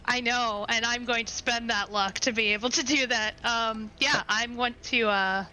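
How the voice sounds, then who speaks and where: Bright, upbeat woman player. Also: on the high side, steady tone, moderate pace, slight background noise. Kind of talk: casual chat at a tabletop game.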